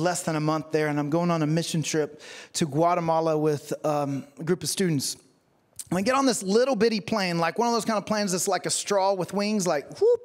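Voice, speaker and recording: A man preaching a sermon as a pastor, telling stories with humor and acting out the people in them. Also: high voice. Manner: storytelling with humor and acted-out quotes.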